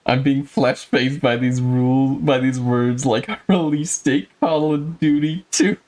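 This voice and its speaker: A man's voice: mid-range voice, fairly even intonation, a little slow, darkish tone. A man streaming a game and giving joking, crude, self-mocking commentary. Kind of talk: casual gameplay commentary.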